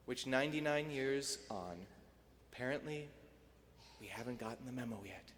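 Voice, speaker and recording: Priest preaching in a reverberant church. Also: male voice, medium pitch, lively intonation, moderate pace, pauses often, slight background noise. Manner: rhetorical, building to emphatic peaks then dropping soft. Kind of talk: sermon.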